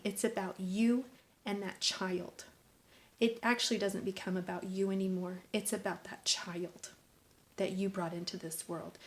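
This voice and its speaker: A middle-aged woman speaking in an earnest, preachy vlog monologue. Her voice is mid-pitched, and she often sinks into a hushed whisper for emphasis before pushing back up to full voice. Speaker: vlogger, mother. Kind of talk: emotional personal vlog monologue.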